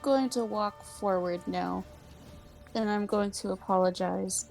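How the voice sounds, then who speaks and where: A woman's voice: medium pitch, a little slow, creaky, a little mellow, faint music behind. A woman playing a tabletop game, talking in a hesitant, casual way. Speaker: player.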